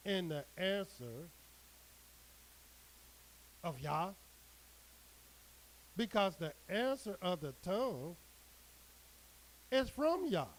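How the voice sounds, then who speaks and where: A man preaching a sermon, reading scripture aloud and expounding on it with an emphatic, drawn-out cadence. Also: high-pitched, slight background noise, low-quality recording.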